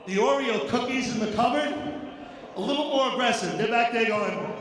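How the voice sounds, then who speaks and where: A stand-up comedian doing a set on a large theater stage, ranting in a profane, mock-outraged way. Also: male voice, very high-pitched, fairly quick. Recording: echoey theater hall from far off with audience noise.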